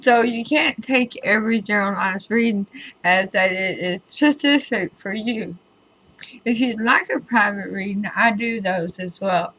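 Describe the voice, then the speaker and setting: A woman's voice: mid-range voice, unhurried, a bit bright, poor audio. A woman tarot reader talking casually to her viewers, chatty and emphatic with wry asides. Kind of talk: casual spoken tarot reading video.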